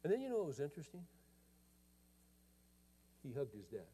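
A man's voice: on the high side, big pitch swings, a little fast, mellow, slight background noise. An older man preaching a sermon in a folksy, conversational way, telling family stories and often restarting his phrases. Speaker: pastor. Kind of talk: storytelling sermon. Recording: long reverb of a large hall.

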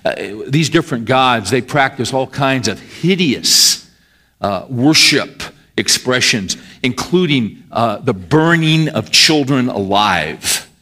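A man's voice: mid-range voice, expressive, takes it slowly, sharp tone. A middle-aged male pastor preaching a sermon in a conversational way, often asking his listeners questions. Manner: conversational, asks the congregation questions.

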